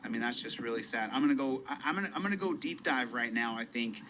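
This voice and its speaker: A man rambles casually through a live stream at a mid pitch, circling back over his words and greeting viewers. There is a faint background noise behind him. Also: quick pace, sharp tone, rough recording. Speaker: livestreamer.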